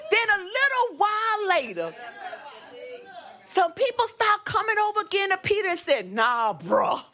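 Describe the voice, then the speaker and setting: A woman preacher delivering a sermon with lively call-and-response exclamations and a Black lilt. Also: extremely high pitch, normal speed, a faint crowd.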